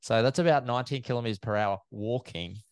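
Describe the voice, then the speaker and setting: A man's voice: medium pitch, fast talker, clear, resonant tone, no echo, clean studio sound. A man, an event MC telling stories in a casual interview and acting out quoted exchanges. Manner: chatty and animated, acts out quoted exchanges. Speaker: event MC and commentator.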